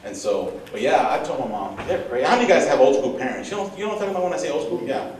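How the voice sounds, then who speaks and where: A man giving a motivational talk to students, telling lively stories and acting out his mother. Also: mid-range voice, racing. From United States, of Mexican parents. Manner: lively storytelling, acts out his mom. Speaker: bullying prevention speaker. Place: large echoey room before an audience. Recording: echoey room, picked up from far off, noisy.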